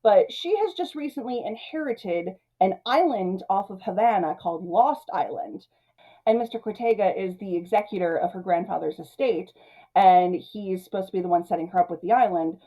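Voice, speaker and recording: A woman's voice: mid-range voice, normal speed, warm tone. A woman hosting a movie review, recapping the plot in a chatty way, laughing often and leaning on "like" and "you know.".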